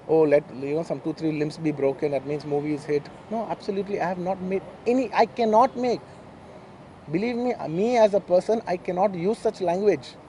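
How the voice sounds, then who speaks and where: A man's voice: high-pitched, mellow, slight background noise. A man with an Indian English accent, a native Telugu speaker, giving an emotional, earnest statement at a press conference as a film actor, often repeating himself.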